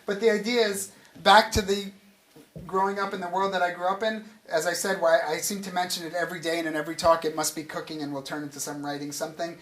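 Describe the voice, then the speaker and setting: A man's voice: high-pitched, flat delivery, fast talker, a bit bright. A man, an author talking on stage at a literary event, who rambles, restarts his sentences and chuckles as he goes. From United States. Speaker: author being interviewed. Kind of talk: casual onstage talk.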